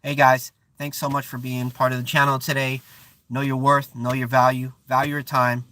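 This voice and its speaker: A mid-range, level male voice, pushed and bright, moves at a moderate pace as a channel host leads a casual live-stream chat. He speaks with a Bay Area accent as a non-native English speaker, often groping for words amid restarts and fillers.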